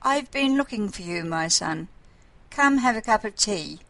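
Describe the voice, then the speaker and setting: A woman voicing an older fatherly man who calls out and fusses in a warm, eager way. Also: medium pitch, lively intonation, unhurried, voice pushed up. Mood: welcoming.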